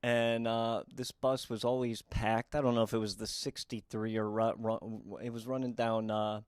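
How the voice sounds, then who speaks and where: A young man telling comic true stories in a quick, deadpan and wry way. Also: fairly low pitch, clear, resonant tone, dry recording, clean studio sound. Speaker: comedic storyteller. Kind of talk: storytime comedy monologue.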